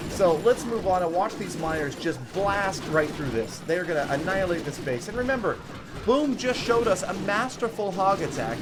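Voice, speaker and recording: A man giving excitable live commentary on strategy game battles and chatting with viewers by name. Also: high voice, heavy background noise. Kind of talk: live gameplay commentary, reading chat.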